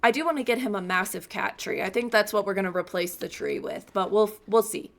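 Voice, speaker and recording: A chatty young woman streams a farming game from her room and talks into a boom-arm mic. Her voice has a gravelly fry and sits at an ordinary pitch for a woman. She rambles easily between the game and her cat. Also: fast, a bit bright. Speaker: gaming streamer. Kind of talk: casual gameplay chat.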